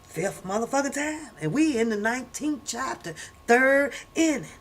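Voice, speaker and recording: A woman hosting a reaction channel, giving loud, profane, laughing commentary on a book. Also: on the high side, lively intonation, normal speed, breathy edge.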